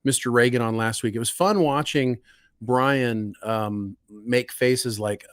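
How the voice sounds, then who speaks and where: A man co-hosting a live podcast stream, joking in a laid-back way, hoarse from a recent illness. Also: medium pitch, a little slow, dry recording, clean studio sound. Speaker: podcast co-host. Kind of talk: casual live-stream chat.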